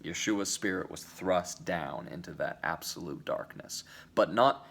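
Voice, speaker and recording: A man's voice: low-pitched, measured pace, creaky, few pauses, a bit bright. A man giving a recorded Bible teaching, emphatic, drawing out phrases and stressing words suddenly. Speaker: teacher of a Bible study series.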